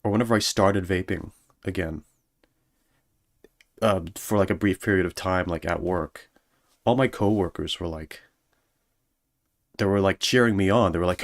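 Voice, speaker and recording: A man's voice: sits low, moderate pace, long pauses. A man streaming as a VTuber, rambling sarcastically in a casual monologue and mocking people in put-on voices.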